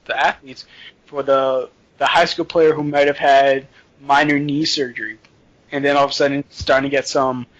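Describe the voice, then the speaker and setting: A man's voice: mid-range voice, fairly even intonation, normal speed, fairly bright tone, highs cut off. A man co-hosting a casual podcast, giving short agreements and then explaining a point.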